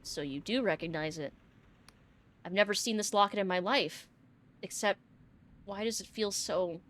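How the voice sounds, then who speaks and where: A woman's voice: mid-range voice, moderate pace, fairly bright tone, natural voice. A woman voicing a prim, cagey middle-aged librarian in a game, sweetly polite and calling people dearie. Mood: flustered. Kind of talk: reading game dialogue aloud.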